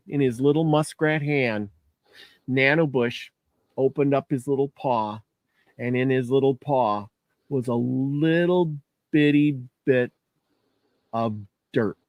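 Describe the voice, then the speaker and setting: Man, casual folksy storyteller, restarts phrases, mid pitch, dry close sound. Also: dry recording.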